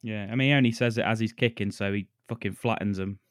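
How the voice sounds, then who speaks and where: A man's voice: fairly low pitch, steady tone, quick pace, clean tone, no room sound, clean studio sound. Laid-back man recapping a film. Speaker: podcast co-host. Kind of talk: casual chat, recapping a film.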